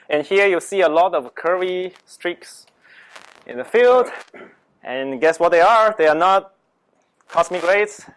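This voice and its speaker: A man lecturing to a room, his voice sitting a little high. He talks hesitantly, filling gaps and restarting his sentences as he explains. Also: fairly bright tone, low-quality recording. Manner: hesitant, many fillers and restarts. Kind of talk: astronomy lecture.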